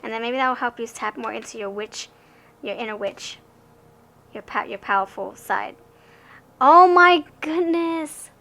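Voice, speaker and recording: A bright, higher-pitched young woman talks through a tarot reading in a loose, rambling way. She often stumbles and restarts words, and her voice is clear and forward. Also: fairly even intonation, moderate pace. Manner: chatty, rambling, stammers and restarts. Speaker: tarot card reader. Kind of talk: casual tarot reading to camera.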